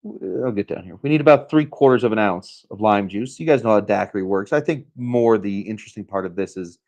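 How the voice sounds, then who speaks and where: A man's voice: on the low side, a little fast, darkish tone. A man from Arizona hosting a casual live cocktail demo from a hotel room, talking in a rambling, chatty way with many fillers. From Arizona, USA. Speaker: cocktail channel host.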